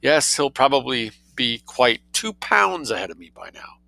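A man's voice: medium pitch, very animated, normal speed, creaky, pushed and bright, no room sound, full character voice, rough recording. A man reading aloud, voicing a prim, calculating young girl who haggles with cold dignity. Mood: chatty scheming. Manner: cold dignity, coolly mercenary.

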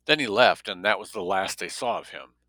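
A man with a lowish, bright and forceful voice reading a novel aloud. He stops now and then for wry asides on the story. The sound is dry and close. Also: animated, a little fast, no echo, poor audio. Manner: breaks off reading for wry spoken comments. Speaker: story reader.

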